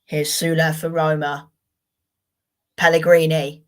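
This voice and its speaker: A woman's voice: low voice, little pitch movement, slow pace. A young woman hosting a live football watchalong, chatting to viewers in a frustrated, sweary way. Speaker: watchalong host.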